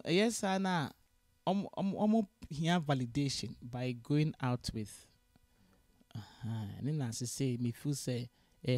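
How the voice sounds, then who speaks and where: A woman's voice: a bass voice, no room sound. A middle-aged Ghanaian woman giving an interview, talking passionately and switching between Twi and English. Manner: passionate, lecturing, rising loud when stirred. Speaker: interview guest.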